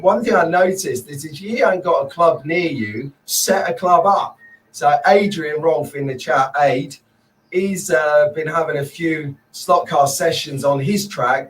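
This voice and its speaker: Man, live stream host, upbeat, rambling, higher voice, sits back from the mic. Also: far from the mic, poor audio. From Merseyside, England. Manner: chatty, upbeat, rambling, greets viewers by name. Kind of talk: casual live stream chat.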